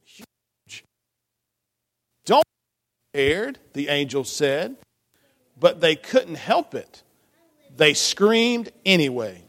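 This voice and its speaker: Slow, animated man reading a story in church. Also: fairly high pitch. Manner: animated, asks the children questions. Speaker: children's message leader. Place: church sanctuary. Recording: long church reverb.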